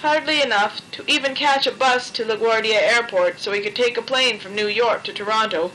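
A woman reading a storybook aloud as its narrator, in a gentle, expressive manner. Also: a little high, fairly quick, a little hiss or hum, rough recording.

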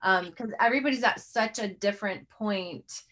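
A woman's voice: medium pitch, normal speed, fairly bright tone. A middle-aged woman hosting a faith-based interview, talking earnestly and rambling a little with restarts and fillers. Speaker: host.

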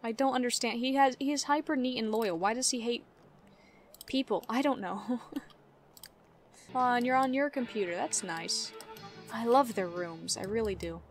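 A woman's voice: a little high, moderate pace, pauses often, faint music behind. A young woman giving casual gameplay commentary, chatting to her game characters and laughing often. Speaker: let's play gamer.

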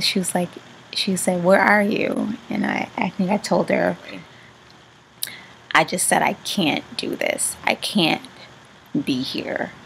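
A woman vlogger telling a personal story in a halting way, with words that often trail off into a soft whisper. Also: mid-range voice, vocal fry, slight background noise, poor audio. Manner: halting, with many restarts and fillers.

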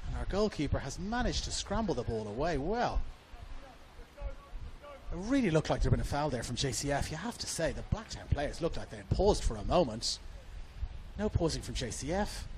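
A man's voice: fairly high pitch, sing-song, a little fast, slight background noise. A man with an Australian accent giving live football match commentary from a commentary box at the ground, rising with the action.

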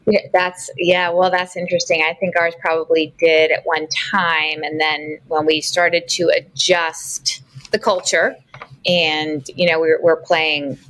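A woman's voice: low-pitched, little pitch movement, a little slow, a bit bright, rough recording. A woman who leads small groups at a church, speaking as a guest in an interview, earnest and sometimes searching for words. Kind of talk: conversational interview.

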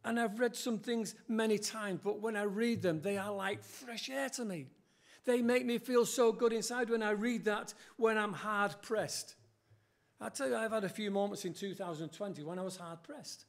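Older man, high-pitched voice, earnest sermon, scripture with rising emphasis, church. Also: normal speed. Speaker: preacher.

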